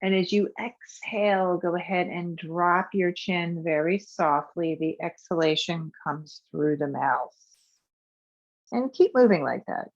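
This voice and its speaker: Soft-spoken woman guiding yoga breath. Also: on the low side, lo-fi sound. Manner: soft, calm cueing that trails off quietly on exhales. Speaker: yoga instructor. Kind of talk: guided yoga and breathing instruction.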